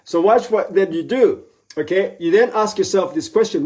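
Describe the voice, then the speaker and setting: A man's voice: high voice, expressive, normal speed, warm tone. A man giving a live motivational talk in a conversational way, who often acts out his own inner voice and keeps checking in with his listeners. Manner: conversational, asks for agreement with repeated tags. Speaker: motivational speaker.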